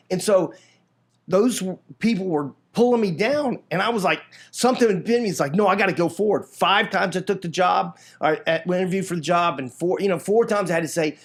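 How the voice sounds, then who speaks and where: A middle-aged man from Florida recounts his past in a loose, rambling interview style. His voice sits high for a man, and he leaps into other people's lines with raised, animated delivery, often stumbling and restarting mid-sentence. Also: a little fast. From Florida, United States. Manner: frequent restarts and repeated words. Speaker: guest telling his life story. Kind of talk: casual storytelling.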